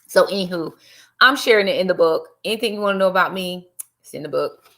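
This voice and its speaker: A woman's voice: lowish voice, fast talker, fairly bright tone. A middle-aged woman, hosting a casual live-stream devotional talk, chatty and greeting viewers by name with preachy asides. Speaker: livestream host and Bible study teacher.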